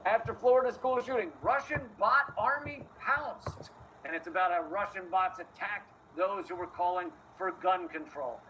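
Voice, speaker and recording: A man's voice: high-pitched, normal speed, noisy background. A man in a played clip delivering a sardonic, scornful political commentary monologue.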